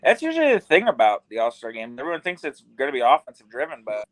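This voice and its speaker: A man's voice: mid-range voice, huge pitch swings, fast talker, dry recording, low-quality recording. A man co-hosting a casual baseball watch-along podcast, talking loosely and filling his sentences with "like.". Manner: loose and chatty, lots of "like" fillers. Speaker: podcast co-host. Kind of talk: casual sports chat.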